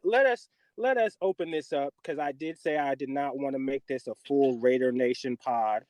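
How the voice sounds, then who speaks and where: A man's voice: mid-range voice, moderate pace, few pauses, no room sound. A man from the US West Coast hosting a podcast, ranting about football with lots of swearing. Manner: animated, profane sports rant. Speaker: podcast host. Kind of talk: casual sports podcast chat.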